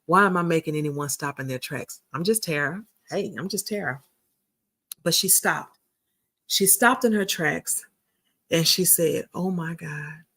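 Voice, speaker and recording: A woman's voice: fairly low pitch, measured pace, fairly bright tone. A woman hosting a casual live stream, chatting with viewers and telling a story, often repeating and restarting her phrases. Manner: chatty, addresses viewers as y'all. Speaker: community founder and host.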